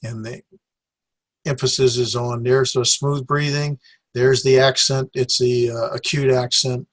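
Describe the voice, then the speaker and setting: A man teaching a class in a plain mid-range voice. He talks in a halting way, full of fillers, and slowly sounds out syllables for his students. The recording is dry, with little room sound. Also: medium pitch, flat delivery, no echo. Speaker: Greek teacher. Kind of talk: classroom lecture.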